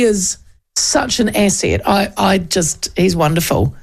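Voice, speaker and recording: A woman in her fifties with a New Zealand accent, hosting a radio show and chatting casually with quick, storytelling asides. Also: medium pitch, lively intonation, creaky, breathy edge. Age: 50s. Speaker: radio host. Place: radio studio, on camera with headphones.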